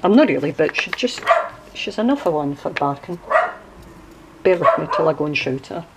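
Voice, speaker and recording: Low-voiced chatty Scottish woman. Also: expressive, normal speed, very noisy. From Scotland. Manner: chatty and digressive, explaining local sayings. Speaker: crafter showing a handmade journal. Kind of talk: casual show-and-tell video.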